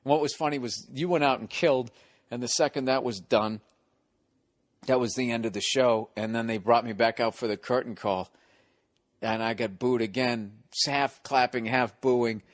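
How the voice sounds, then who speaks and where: A man in his forties from the United States, a comedian guest telling stories in a casual podcast chat. His delivery is profane and animated, full of swearing and restarts. The sound is close and dry, with no room around it. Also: medium pitch, normal speed, no echo. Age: 40s.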